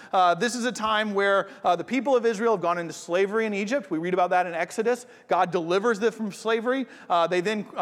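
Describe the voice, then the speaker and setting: A pastor preaching a sermon, talking conversationally and directly to the congregation. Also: male voice, high-pitched. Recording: long hall reverb.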